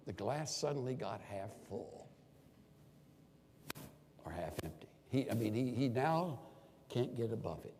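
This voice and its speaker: An older man preaching a sermon in earnest, animated tones, now and then acting out pleading quoted voices. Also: on the low side, creaky, a little hiss or hum. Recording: long reverb of a large hall.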